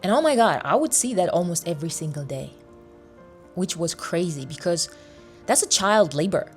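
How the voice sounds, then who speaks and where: Woman, travel vlogger, lowish voice, animated storytelling, soft music behind. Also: normal speed. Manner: animated, acts out voices of people she met. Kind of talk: casual storytelling vlog.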